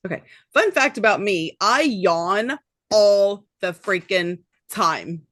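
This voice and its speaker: A woman co-hosting a podcast, chatty and quick to laugh, her thoughts sometimes trailing off. Her pitch sits in the middle of the usual range. The sound is dry, with no room around it. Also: lively intonation, a bit bright, dry recording. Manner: chatty, laughs often, trails off mid-sentence. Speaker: podcast co-host. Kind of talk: casual chat.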